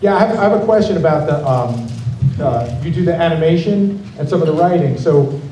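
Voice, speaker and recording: Halting moderator in an echoey hall. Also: male voice, a little high, expressive, recorded from a distance, background noise. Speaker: panel moderator. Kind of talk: panel moderation. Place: convention panel room.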